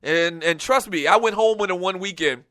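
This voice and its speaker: A man from Lowcountry South Carolina hosting a radio show, rambling through a chatty, laugh-filled monologue. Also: moderate pace, pushed and bright, no room sound, clean studio sound. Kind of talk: casual talk radio monologue.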